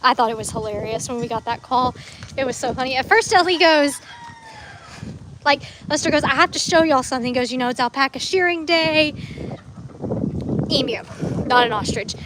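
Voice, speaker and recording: Livestreaming outdoors from her farm among animals, a young woman chats and rambles casually, breaking off to talk to her animals. Her high-pitched voice moves a little fast, with long pauses. Chickens and a rooster add background noise.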